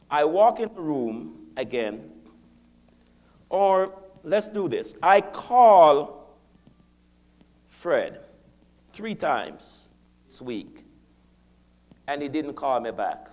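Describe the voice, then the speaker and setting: A man's voice: on the high side, sing-song, drawn-out words, pauses often, darkish tone. A man giving a sermon in a church, teaching step by step and acting out his own inner thoughts, often repeating key phrases. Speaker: guest speaker. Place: church sanctuary.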